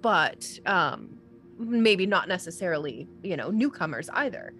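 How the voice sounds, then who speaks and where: A woman's voice: on the low side, very animated, unhurried, fairly bright tone, faint music behind. A woman taking part in a tabletop role-play game, thinking aloud with hesitant questions. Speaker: player.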